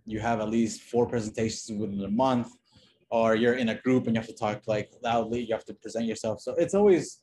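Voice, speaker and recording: A man talking as a guest in a relaxed interview, loose and conversational, with frequent fillers and restarts. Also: fairly low pitch, brisk, a little hiss or hum. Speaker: designer and podcast guest. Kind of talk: casual interview chat.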